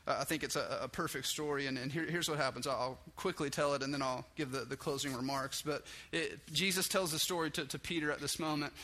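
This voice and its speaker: A man's voice: fairly high pitch, a little fast, few pauses. A man preaching a casual sermon, talking conversationally and acting out the story's dialogue. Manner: casual and conversational, with many restarts and "like"; acts out dialogue with raised, excited voice. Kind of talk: informal sermon.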